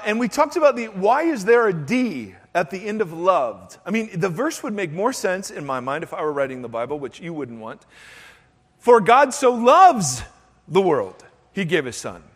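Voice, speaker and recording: A man's voice: sits high, a bit bright, in a large hall. A male pastor giving a sermon to his congregation, breaking in with playful joking asides. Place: church sanctuary.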